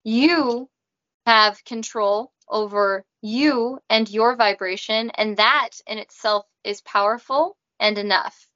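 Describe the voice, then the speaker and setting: A woman channeling a slow robotic spirit guide. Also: on the high side, muffled recording. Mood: solemn. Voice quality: flat robotic monotone. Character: calm channeled female spirit guide, solemn and detached.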